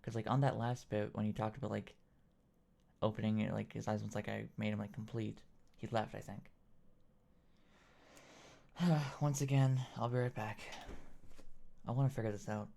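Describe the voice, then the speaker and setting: A man's voice: on the low side, completely flat delivery, fast talker, vocal fry, a little mellow. A man streaming a horror game, rambling and hesitant in casual commentary. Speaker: gaming streamer. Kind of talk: casual let's-play commentary.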